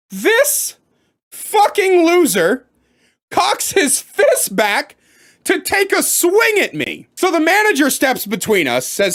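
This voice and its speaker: Animated, profane storytime ranter. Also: very high voice, slow pace. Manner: animated, profane, emphatic retelling. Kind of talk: storytime vlog rant.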